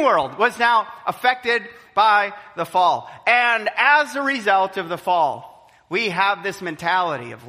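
Animated preacher with a bright voice. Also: male voice, high-pitched, measured pace. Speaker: pastor. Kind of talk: sermon. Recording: long hall reverb.

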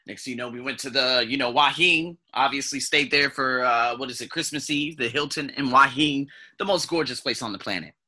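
Sharp, husky-voiced man telling a story. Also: mid-range voice, brisk, few pauses. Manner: animated, swears freely, mimics sounds. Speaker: vlogger. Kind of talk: casual personal storytelling.

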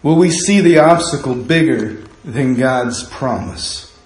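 A man's voice: mid-range voice, expressive, takes it slowly. A man preaching a sermon as pastor, impassioned and full of rhetorical questions. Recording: very echoey room.

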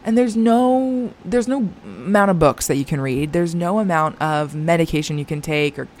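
Low-voiced woman, earnest and confiding. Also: normal speed, darkish tone. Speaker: Christian mom vlogger. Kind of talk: candid personal talk to camera.

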